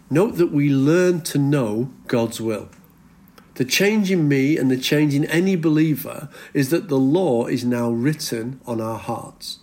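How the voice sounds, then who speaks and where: A man's voice: medium pitch, a little mellow. Earnest male pastor preaching a sermon. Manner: earnest, slows down for emphasis when reading scripture.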